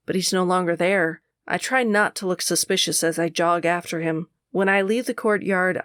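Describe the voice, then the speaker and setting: A woman narrating a first-person audiobook in a steady, measured way. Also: on the low side, clean tone, no echo, studio quality.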